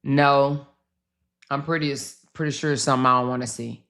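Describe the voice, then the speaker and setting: A woman hosting a casual commentary livestream, chatting slowly with viewers, swearing and reacting to social media posts. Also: rumbling low, fairly even intonation, a bit bright.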